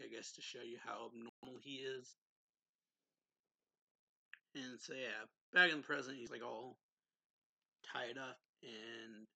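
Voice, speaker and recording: Gravelly, bright-voiced male manga reviewer. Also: mid-range voice, rough recording. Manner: retells scenes loosely with lots of "so, yeah" and "he's like". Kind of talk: casual chapter recap.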